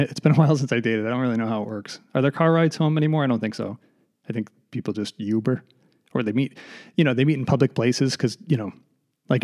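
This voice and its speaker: Rambling self-mocking man, mellow voice. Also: medium pitch. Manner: self-deprecating, digressive, mock voices. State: out of breath. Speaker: podcast host. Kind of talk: rambling solo comedy podcast. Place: basement room.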